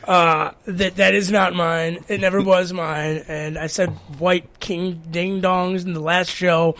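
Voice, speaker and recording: A man's voice: high-pitched, flat delivery, slow pace, a bit bright. A man co-hosting a casual podcast, answering with dry, sarcastic retorts. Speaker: podcast co-host.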